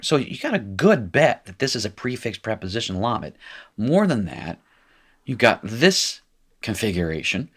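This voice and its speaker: Chatty low-voiced male teacher. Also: a bit bright. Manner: chatty, jokey, self-correcting. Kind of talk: live recorded language lesson.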